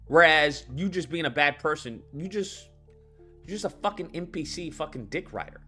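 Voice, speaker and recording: A man's voice: a little high, lively intonation, moderate pace, bright, forceful tone, soft background music. A man hosting a livestream, ranting about video games with lots of swearing and repetition while reading out chat comments. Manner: profane, heated, rants and repeats itself. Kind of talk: unscripted gaming rant.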